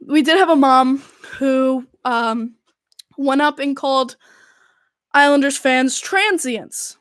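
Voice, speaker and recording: High-voiced young woman, dry close sound. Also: slow, no room sound. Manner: animated, exasperated storytelling full of "like". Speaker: podcast host. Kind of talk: casual recounting.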